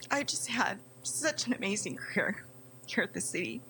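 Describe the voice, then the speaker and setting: An older woman giving emotional, halting farewell remarks at a city council meeting, close to tears. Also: mid-range voice, sing-song, sharp tone, a little hiss or hum, poor audio. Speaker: retiring city employee.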